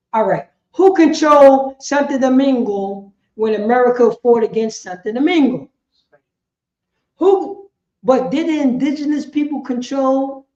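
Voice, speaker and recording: A woman with a high, slightly mellow voice leads an informal group lesson as the class leader, quizzing her listeners and often asking "you know what I'm saying?" The room is echoey and the sound dull and muffled.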